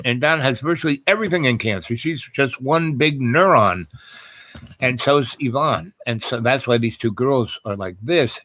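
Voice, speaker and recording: A man's voice: medium pitch, fairly bright tone, dry recording. A man telling a casual personal story in a rambling, digressive way, full of fillers and restarts.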